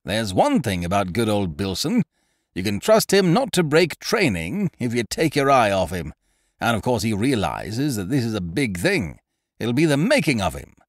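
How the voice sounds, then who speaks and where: A man playing a loud, swaggering young fight manager from a storybook. His talk is hearty and boastful, full of grand schemes. His pitch swings widely, and the recording is close and dry. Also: huge pitch swings, moderate pace, no room sound, heavily acted. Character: exuberant, blustering young male boxing manager.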